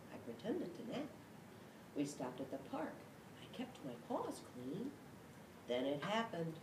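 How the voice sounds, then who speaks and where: A woman reads a storybook aloud with a low voice that swings widely in pitch. She is expressive and breaks into sudden shouts and yelps. The sound is echoey and distant, over a clear rumble. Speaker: storybook reader. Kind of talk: reading a picture book aloud.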